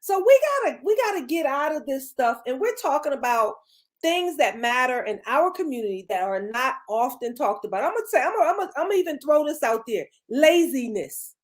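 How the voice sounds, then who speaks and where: A middle-aged woman co-hosting a podcast gives a motivational talk in a high voice, very animated and a little fast. She hammers her points home by repeating phrases, coming across as emphatic and slightly preachy.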